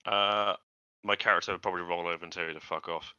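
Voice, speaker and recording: A man's voice: sits low, fairly even intonation, quick pace, sharp tone, clear, resonant tone, dry recording. A man playing a tabletop game, blunt and crude as he describes his character's actions. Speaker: player. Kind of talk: casual tabletop play. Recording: dull lo-fi recording.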